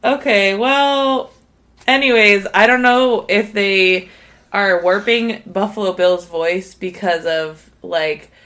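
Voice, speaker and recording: A woman's voice: mid-range voice, slow pace, a bit bright. A woman co-hosting a podcast, chatting casually and swearing now and then. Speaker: podcast co-host. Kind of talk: casual chat.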